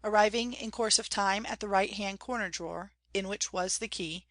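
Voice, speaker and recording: A woman reading a classic novel aloud as audiobook narration, measured and clear. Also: medium pitch, a bit bright, no room sound. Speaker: audiobook reader.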